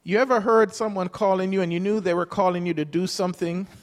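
High-voiced man preaching a chatty sermon. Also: fairly even intonation, fast talker. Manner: storytelling, chuckles often. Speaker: pastor. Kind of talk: conversational sermon. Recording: long hall reverb.

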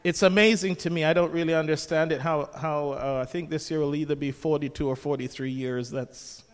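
A man's voice: on the high side, steady tone, a little fast, long reverb tail. An older man preaching a sermon as pastor, jovial and conversational, asking the congregation questions.

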